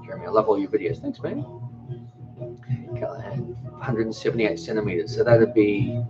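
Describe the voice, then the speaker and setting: Low-voiced man chatting on a livestream. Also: a little fast. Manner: rambling, reads viewer comments aloud. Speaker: cooking channel host. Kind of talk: casual livestream chat. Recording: dull lo-fi sound with music behind.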